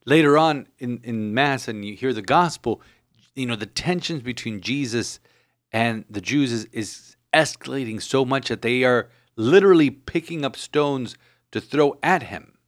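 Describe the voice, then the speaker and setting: A man's voice: mid-range voice, unhurried, no room sound, clean studio sound. A man, a Catholic priest, giving an earnest homily with many "you know" fillers.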